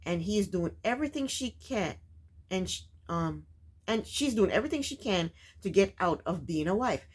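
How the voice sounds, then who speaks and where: A woman's voice: fairly low pitch, animated, fairly quick, darkish tone, slightly rough. Woman host, casual recap chatter, blunt and opinionated. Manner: opinionated, chatty, rhetorical asides to the cast.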